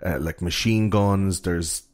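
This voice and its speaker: Deep-voiced man rambling about a film. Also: steady tone, takes it slowly, a little mellow. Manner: rambling, filler-heavy retelling of scenes. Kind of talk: casual podcast chat about a film.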